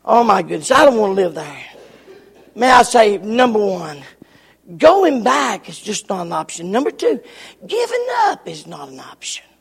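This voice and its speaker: A man preaching a sermon with passion, repeating his phrases and breaking into shouts. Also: high-pitched, very animated, normal speed, vocal fry, husky. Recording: long reverb of a large hall.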